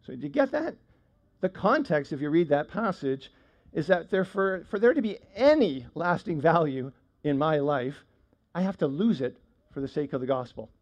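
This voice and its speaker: Guy preaching, kinda high voice, chatty with lots of ums. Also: sing-song, moderate pace. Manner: conversational preaching with frequent fillers and restarts. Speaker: pastor. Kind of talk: sermon.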